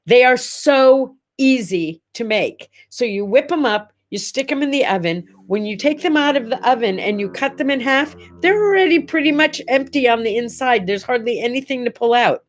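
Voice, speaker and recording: A woman's voice: on the high side, animated, moderate pace, few pauses. A middle-aged woman hosting a casual morning chat show, talking straight to the camera in a gushing, rambling way full of asides. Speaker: host.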